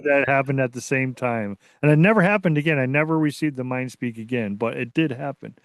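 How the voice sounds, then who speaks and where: A man being interviewed as a researcher, telling a story in a casual, excitable way that rambles and restarts. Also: medium pitch, brisk, no room sound, clean studio sound. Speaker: guest, Bigfoot researcher.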